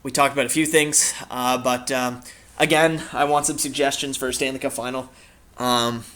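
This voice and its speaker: A man's voice: mid-range voice, steady tone, moderate pace, fairly bright tone. A young man casually commenting on a hockey video game as its host, rambling with many fillers and the odd swear. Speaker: gaming channel host.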